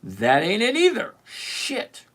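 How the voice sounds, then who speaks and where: Slow, sarcastic middle-aged livestream host. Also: medium pitch, wildly swooping pitch, a bit bright. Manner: teasing, sarcastic, talks straight to a viewer; deliberate, repeats points slowly. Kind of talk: casual livestream commentary.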